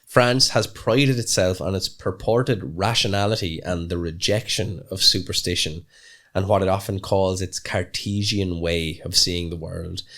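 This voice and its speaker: Laughing Irish podcast co-host. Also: male voice, low-pitched, steady tone, measured pace, fairly bright tone. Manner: jokey, laughs often, rambling asides. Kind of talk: casual banter.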